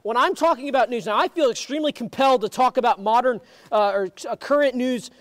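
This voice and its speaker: A man hosting an improvised comedy show, rambling to his chat and yelling in mock pain. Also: very high voice, fast talker, dry recording.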